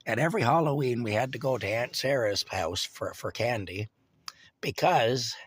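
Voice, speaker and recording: A man's voice: medium pitch, animated, moderate pace, a bit bright, slightly rough, no room sound. A man casually reminiscing about his childhood hometown, rambling with fillers, restarts and chuckles. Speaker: storyteller.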